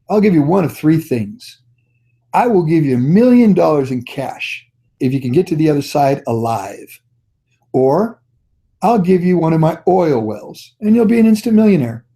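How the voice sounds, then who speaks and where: A man voicing a boastful old male Texas oil billionaire who announces loudly to his party guests. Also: on the high side.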